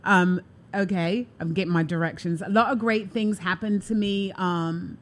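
A woman's voice: medium pitch, fairly even intonation, normal speed. Effusive chatty woman hosting a talk show. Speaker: show host. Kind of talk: casual live-stream talk show. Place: New York City.

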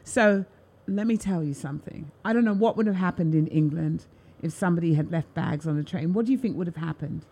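A woman hosting a talk show, chatting casually and telling an animated story, acting out what people said. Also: lowish voice, a little fast, few pauses, slightly rough. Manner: animated, acts out quotes in lively voices. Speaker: host.

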